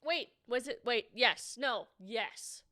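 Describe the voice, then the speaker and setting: A woman's voice: on the high side, slow pace, bright, forceful tone. A woman livestreaming with a slightly nasal voice, chatting casually and greeting viewers by name.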